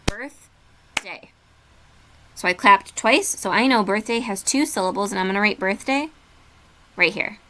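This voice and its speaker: A woman's voice: mid-range voice, normal speed, sharp tone. Patient woman teacher spelling words aloud. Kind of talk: remote classroom lesson.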